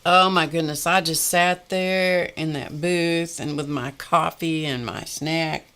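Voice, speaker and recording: A woman's voice: low voice, fairly even intonation, takes it slowly, a bit bright. A woman hosting a casual art live stream, chatting while she works and laughing often. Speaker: art livestream host.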